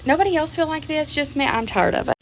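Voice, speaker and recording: A woman's voice: high-pitched, animated, quick pace, a little hiss or hum. A woman venting to camera in an exasperated, emphatic rant, repeating herself.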